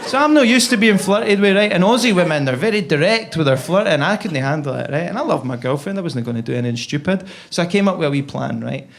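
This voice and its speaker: A man's voice: on the high side, animated, fast talker, vocal fry, few pauses. A man doing chatty stand-up, checking in with the audience. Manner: chatty, tag questions. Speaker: stand-up comedian. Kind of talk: stand-up comedy. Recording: loud background noise.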